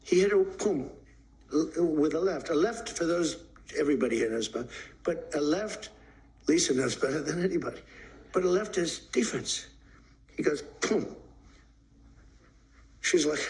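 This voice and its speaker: A man's voice: a little high, normal speed, long pauses, low-quality recording. A man giving a rambling off-the-cuff speech as president, emphatic and repetitive, acting out stories. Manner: animated storyteller acting out quotes.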